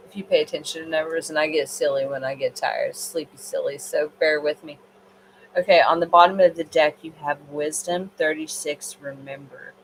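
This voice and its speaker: A woman's voice: low voice, steady tone, normal speed, a little hiss or hum, poor audio. Tired, chatty woman reading tarot. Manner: rambling, chatty, with fillers. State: tired, late at night. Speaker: tarot card reader. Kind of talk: casual livestream card reading.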